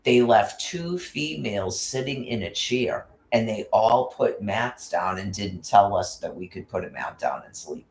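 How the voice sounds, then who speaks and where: A man's voice: lowish voice, lively intonation, a little slow, hardly any pauses, darkish tone. A man ranting angrily and rambling, full of profanity and restarts. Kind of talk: casual rant. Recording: roomy echo.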